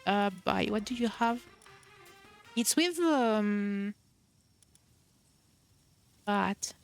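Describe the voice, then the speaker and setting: A woman's voice: medium pitch, lively intonation, very slow, pauses often, clean tone, dry recording, soft background music. A young woman streamer chatting casually while playing, bubbly and cooing over cute creatures. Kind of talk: casual gameplay commentary.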